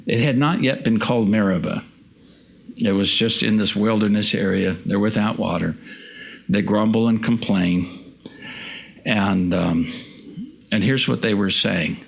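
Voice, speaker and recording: A man's voice: lowish voice, a little slow, gravelly, long pauses, breathy edge. A man preaching a sermon as pastor, conversational and self-deprecating, asking the congregation questions. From United States. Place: church.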